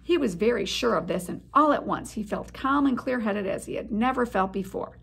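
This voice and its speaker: Gravelly-voiced woman reading a storybook. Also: fairly high pitch, a little fast. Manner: expressive, storytelling. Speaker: head of school. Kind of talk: reading a children's book aloud.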